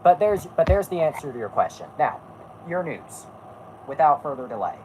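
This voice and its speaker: A woman's voice: low voice, big pitch swings, moderate pace, background noise. A woman hosting a casual podcast, talking bluntly and rambling, stopping to correct herself and swearing freely. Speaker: podcast host. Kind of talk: casual chat.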